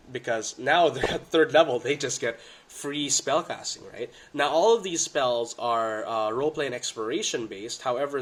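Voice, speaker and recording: A man with a head cold gives a casual, excitable breakdown of tabletop game rules in slangy gamer talk, recorded on a budget home setup. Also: medium pitch, slight background noise. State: congested from a cold.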